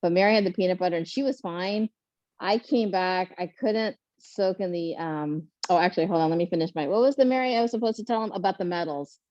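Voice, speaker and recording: Woman panelist, animated storyteller, dry muffled sound, mid pitch. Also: fast talker, no room sound. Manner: animated, laughing, acts out quotes. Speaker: panelist, first-time marathoner.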